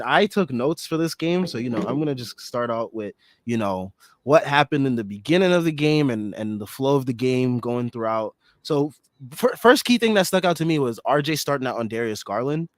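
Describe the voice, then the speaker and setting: A chatty man talks through a postgame basketball show with lots of fillers and bursts of excitement. His voice is a little hoarse from screaming, and he sounds close and dry, with no room around him. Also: mid-range voice, no room sound. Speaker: podcast host. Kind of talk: casual postgame basketball talk.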